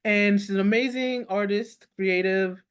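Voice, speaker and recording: A woman's voice: mid-range voice, measured pace, clear, resonant tone. A woman hosting a casual artist interview over a video call, upbeat and enthusiastic. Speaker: interview host.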